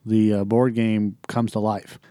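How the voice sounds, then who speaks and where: Mellow-voiced man recapping a film. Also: on the low side, little pitch movement, unhurried, no echo, clean studio sound. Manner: rambling, recaps with fillers and tag questions. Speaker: podcast co-host. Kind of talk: casual chat, recapping a film.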